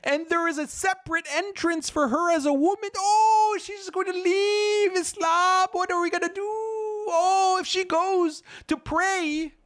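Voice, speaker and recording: A man putting on a mocking falsetto as a melodramatic, sobbing woman who pleads for pity. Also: little pitch movement, takes it slowly, few pauses. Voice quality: shrill, wailing falsetto. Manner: mocking, exaggerated whimpering.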